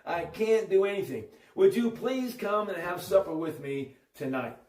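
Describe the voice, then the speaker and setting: A man voicing a young queen who pleads with her husband, his voice raised and slowed. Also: sits high, expressive, darkish tone, far from the mic. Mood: pleading. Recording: roomy audio from off-mic.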